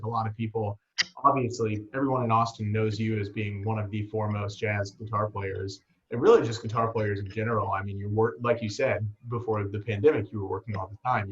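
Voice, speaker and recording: Man, low-pitched, laid-back host of a casual chat over a call. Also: lo-fi sound. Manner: relaxed, filler-heavy, chatty. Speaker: podcast host. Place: home, on a call.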